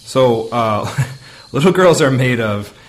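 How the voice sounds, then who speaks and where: A man's voice: mid-range voice, animated, slow. A man co-hosting a podcast in casual chat, rambling with lots of fillers and ready laughs. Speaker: podcast co-host.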